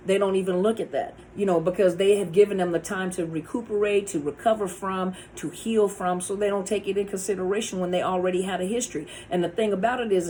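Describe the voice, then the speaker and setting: Woman, counselor, conversational, somewhat low voice, faint background hiss. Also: darkish tone. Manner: conversational, repeats words and restarts, acts out quoted lines. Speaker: counselor and coach on narcissist abuse. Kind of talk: casual talk to camera.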